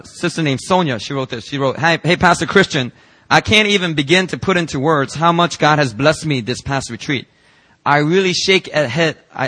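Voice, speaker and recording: A man pastor preaching a sermon in church, telling stories and reading out emails with lively emphasis. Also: medium pitch.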